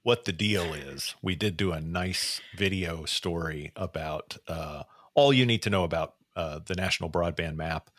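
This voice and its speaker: A man hosting a casual news podcast, his voice rough from recent illness, rambling with many restarts. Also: deep voice, normal speed, few pauses, a bit bright, no echo, studio quality. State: voice deeper and rough after illness. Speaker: podcast host.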